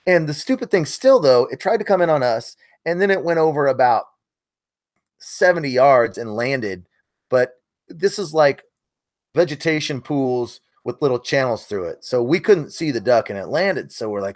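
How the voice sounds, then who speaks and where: A man's voice: medium pitch, expressive, moderate pace, no echo, studio quality. A middle-aged man co-hosting a casual podcast, telling a hunting story in an earnest, self-critical way. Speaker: podcast co-host, hunting video maker. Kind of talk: casual chat.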